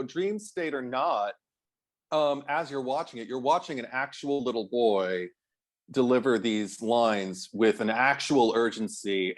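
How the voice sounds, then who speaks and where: A man co-hosting a film podcast in casual chat, rambling enthusiastically with many fillers. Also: medium pitch. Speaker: podcast co-host.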